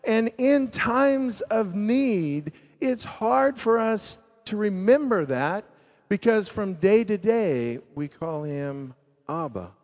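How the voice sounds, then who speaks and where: A man preaching a sermon as pastor, swinging from loud emphasis to hushed, low endings. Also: expressive, slow. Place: church sanctuary. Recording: long reverb of a large church.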